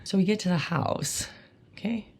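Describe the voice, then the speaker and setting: Speaking at a normal speed, this podcast host recalls his own past in a frank, chatty way. His mid-pitched, gravelly voice meanders with plenty of "like" fillers and then lands points with real emphasis.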